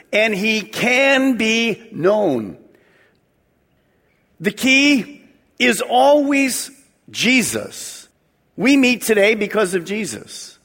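A man preaching a sermon as pastor, animated, acting out voices and leading call-and-response. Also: high voice. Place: church sanctuary. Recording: long hall reverb.

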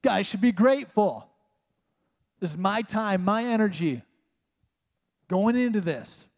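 A man's voice: sits high, animated, measured pace. A man preaching a conversational sermon as a pastor, casual and self-mocking, with many "like" asides. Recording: long reverb of a large hall.

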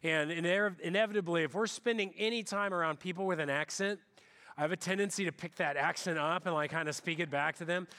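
Middle-aged male pastor, bright high voice, relaxed church sermon, self-deprecating asides. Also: brisk. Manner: chatty, self-deprecating, with frequent restarts. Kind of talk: conversational sermon. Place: church sanctuary.

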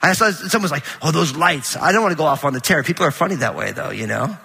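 A middle-aged man preaching a conversational sermon in a large church auditorium, animated and full of anecdotes with quoted dialogue. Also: a little high, fast talker, vocal fry, breathy edge, in a large hall. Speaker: pastor.

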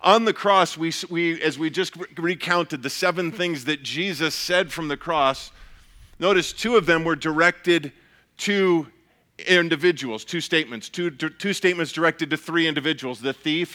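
A pastor giving an earnest, measured sermon, often restarting his phrases. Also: fairly high pitch, bright, forceful tone.

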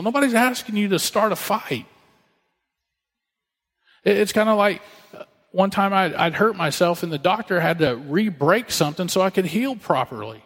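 High-voiced pastor preaching in a reverberant hall. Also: male voice, lively intonation, moderate pace, a bit bright. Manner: conversational, joking asides. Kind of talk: sermon.

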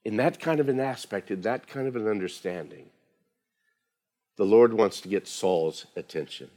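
A man's voice: fairly low pitch, moderate pace, mellow. A man preaching a sermon as pastor, talking conversationally and acting out quoted voices.

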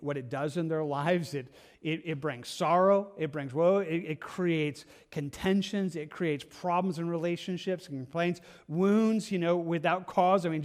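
A man preaching a sermon as pastor, earnest, with frequent repeated words and restarts. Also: a little high.

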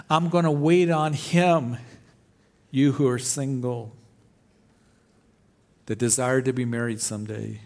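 A man's voice: mid-range voice, darkish tone. A man, a pastor preaching a sermon with scripture readings in an earnest, plain-spoken way.

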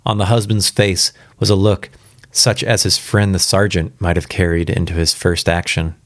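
A man's voice: low-pitched, flat delivery, moderate pace, dry recording. A man reading a classic story aloud on his first read-through, casually stopping to comment on the text. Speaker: story reader. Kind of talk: live first-time reading with asides.

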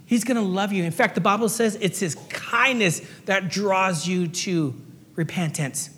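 A man who serves as a pastor and fire chaplain preaches a sermon in a church sanctuary, earnest and repetitive, at times acting out little voices. His high-pitched voice is unhurried, pushed, and bright, with long hall reverb on the recording.

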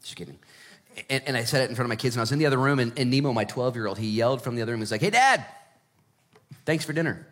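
A man in his thirties or forties preaching a sermon in a conversational, joking way, dropping to hushed emphasis and then rising to loud, excited stretches. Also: mid-range voice, racing. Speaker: pastor.

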